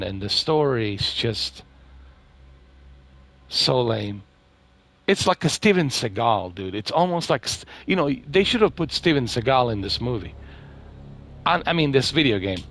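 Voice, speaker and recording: A man's voice: mid-range voice, fairly bright tone. A man hosting a gaming video, rambling through a casual spoken review with many fillers and repeated words, dejected and mumbling.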